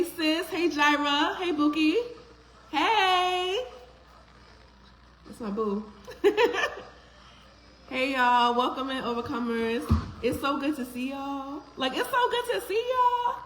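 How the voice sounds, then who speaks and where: A woman hosts a casual live stream, warmly greeting her viewers by name. Her voice sits fairly high. The room is echoey, with a faint hiss of noise underneath. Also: moderate pace.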